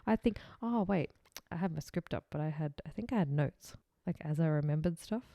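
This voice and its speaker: Young woman podcast host, kinda low voice, super dry close mic, laughs a lot. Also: a little fast, creaky, dark tone, no echo. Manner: chatty, laughs often, swears casually. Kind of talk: casual true-crime podcast chat.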